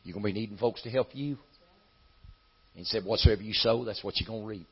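A man preaching a sermon in a folksy style that climbs into shouting. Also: fairly low pitch, fast talker, husky, muffled recording.

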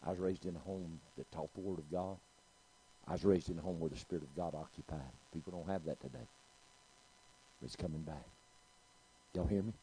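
A man's voice: sits low, brisk, pauses often, mellow, slight background noise, poor audio. A middle-aged man, preaching a sermon and telling a story, calling out to his congregation. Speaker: pastor.

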